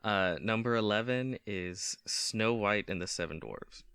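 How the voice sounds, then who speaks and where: A man's voice: lowish voice, a little slow, fairly bright tone, clear, resonant tone, dry recording. A man co-hosting a podcast in casual chat, hesitant with frequent ums and restarts, laughing often. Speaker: podcast co-host.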